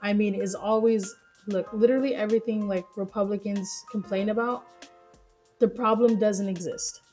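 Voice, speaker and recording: A woman's voice: mid-range voice, fairly even intonation, moderate pace, mellow, faint music behind. A woman streamer reacting to news stories live, ranting heatedly with lots of swearing and laughter, over choppy stream audio.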